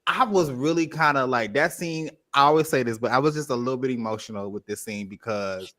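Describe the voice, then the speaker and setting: A man's voice: mid-range voice, brisk, sharp tone, no room sound, studio quality. A man on a panel talking through a reality show episode in a casual, dramatic, gushing way. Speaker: recap panelist.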